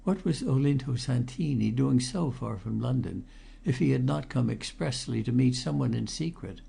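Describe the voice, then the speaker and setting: A man narrating a first-person mystery audiobook in a measured, grave storytelling manner with a gravelly voice. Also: mid-range voice, dark tone.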